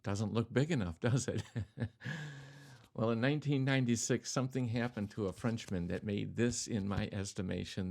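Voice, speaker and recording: A man's voice: fairly low pitch, moderate pace, gravelly, darkish tone. An older man, a pastor hosting a talk show, speaking straight to the viewer and repeating key words for emphasis in a storytelling way. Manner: storytelling, addresses the viewer directly. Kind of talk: video talk show monologue.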